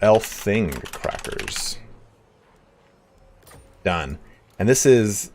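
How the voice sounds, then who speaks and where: A man's voice: fairly low pitch, animated, takes it slowly, long pauses. A man streaming a game, telling a story in a chatty, rambling way, swearing freely. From United States. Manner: chatty, swears freely, slips into mock voices.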